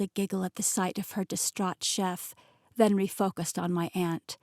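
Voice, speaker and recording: A woman narrating a novel in first person with lively, expressive delivery. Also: on the low side, normal speed, no echo, clean studio sound. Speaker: audiobook narrator.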